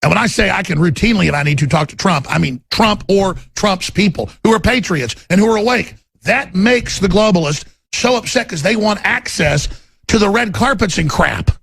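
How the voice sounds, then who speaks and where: A man's voice: high voice, animated, moderate pace, creaky, fairly bright tone, breathy edge. A man from Texas hosting a talk show, ranting in a fiery, rambling and repetitive monologue.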